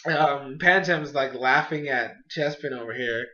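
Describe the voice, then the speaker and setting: A man's voice: mid-range voice, a little slow, bright, forceful tone, muffled recording. A man casually reviewing a cartoon episode, rambling with lots of fillers and amused asides.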